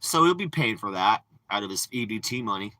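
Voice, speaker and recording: A man's voice: fairly low pitch, expressive, a little fast, sharp tone, rough recording. A man ranting and boasting in casual, profane, rambling livestream chat from inside a parked RV, talking into a phone. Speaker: live streamer.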